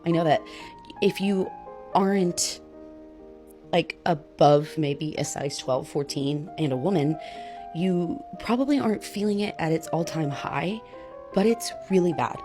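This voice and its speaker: A woman's voice: sits low, darkish tone. A woman speaking frankly and earnestly to the camera in a casual vlog. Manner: earnest, frank, laughs a little while talking.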